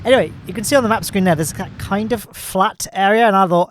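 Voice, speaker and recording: A man's voice: high-pitched, fast talker, slight background noise. A man giving jokey, self-deprecating commentary over gameplay footage, chuckling often. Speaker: gaming YouTuber.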